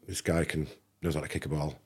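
Husky low-voiced Englishman telling a story. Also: fast talker. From England. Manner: animated anecdote teller, acts out dialogue. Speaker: podcast guest. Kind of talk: casual storytelling.

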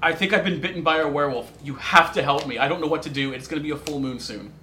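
A man's voice: on the high side, quick pace, pushed and bright, slight background noise. A man voicing a panicked young American man who begs for help. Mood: frantic pleading. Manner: pleading, panicked. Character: frantic young man, bitten by werewolf.

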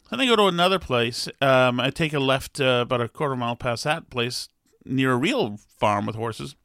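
A man's voice: medium pitch, fairly bright tone, no room sound, clean studio sound. A middle-aged man telling a rambling, wry story in a casual monologue, exasperated and digressive.

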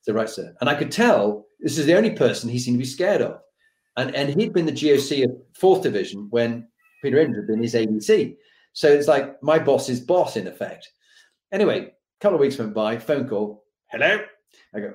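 A man's voice: medium pitch, big pitch swings, fairly quick, darkish tone, roomy sound. A man telling an anecdote from his army days, acting out the dialogue with different voices and laughing as he goes. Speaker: storyteller recalling army days.

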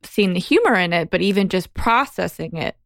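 A woman's voice: fairly low pitch, brisk, creaky, no echo. A woman guest on a podcast, candidly telling a personal story in casual conversation. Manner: candid storytelling, animated when quoting herself.

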